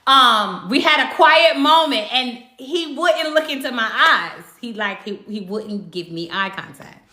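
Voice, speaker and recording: A woman with a bright, lively voice, speaking in with a somewhat high pitch. She tells a personal story in an emphatic, animated way, swearing freely. The room is echoey. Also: a little slow. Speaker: spiritual livestreamer. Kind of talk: casual livestream chat.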